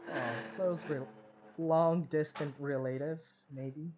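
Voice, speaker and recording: A man co-hosting a podcast in casual chat, slowly recapping an episode. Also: a little high, steady tone, warm tone, a little hiss or hum. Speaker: podcast co-host.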